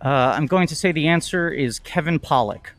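A man's voice: a little high, normal speed, fairly bright tone. A man competing on a trivia show, giving his answers with hesitant "uh"s and wordplay. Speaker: trivia contestant.

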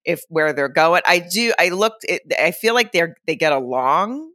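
A woman's voice: on the low side, lively intonation, moderate pace, fairly bright tone, dry recording, clean studio sound. A woman co-hosting a podcast in casual chat, rambling and correcting herself as she talks. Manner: rambling, self-correcting, laughs easily. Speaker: podcast co-host.

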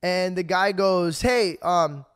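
A man's voice: sits high, slow, fairly bright tone, smooth. A man hosting a podcast, telling a story in casual chat and acting out the people he quotes. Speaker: podcast host.

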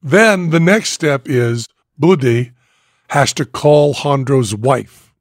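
A man hosting a podcast, telling a story in an animated, casual way and laughing as he goes. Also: medium pitch, slow, no room sound, studio quality. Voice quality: gravelly and husky. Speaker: podcast host.

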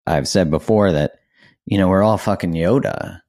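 Man, podcast host, deep voice, relaxed, casual swearing. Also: normal speed. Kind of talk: casual conversation.

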